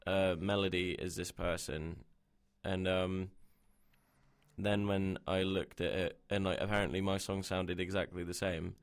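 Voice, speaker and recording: A man's voice: sits low, level tone, a little slow, smooth. A young man co-hosting a podcast in casual chat, laid-back and swearing freely. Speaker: podcast co-host.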